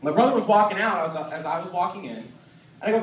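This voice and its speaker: A man whose voice sits high and sounds a bit bright talks fast during a stand-up set at a comedy venue. He spins loose, profane stories packed with fillers, and the recording is echoey, noisy and distant-miked.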